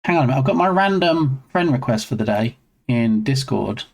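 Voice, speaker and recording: Man, live-stream host, casual chat, playful, laughs often, medium pitch, talks to chat while scrolling. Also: expressive, brisk, creaky, a little mellow. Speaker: game dev livestream host.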